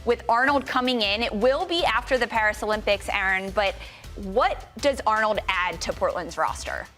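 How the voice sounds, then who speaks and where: A woman's voice: mid-range voice, lively intonation, normal speed, a bit bright, soft background music. A woman hosting a sports talk show, reading news items and passing questions to her panelists. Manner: reads news segments, then throws to panelists. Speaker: host.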